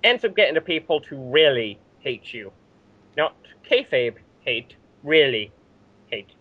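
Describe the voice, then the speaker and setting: A British man hosting a casual wrestling recap chat, animated and often laughing as he acts out quotes. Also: medium pitch, measured pace, dry recording. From Britain. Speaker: show host. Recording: dull lo-fi audio.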